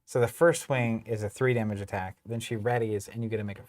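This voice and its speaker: A man's voice: fairly low pitch, fairly even intonation, fast talker, a little mellow, no echo. A man co-hosting a card game stream, laid-back and matter-of-fact as he explains his plays on a studio broadcast mic. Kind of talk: casual banter and game explanation. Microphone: studio broadcast microphone.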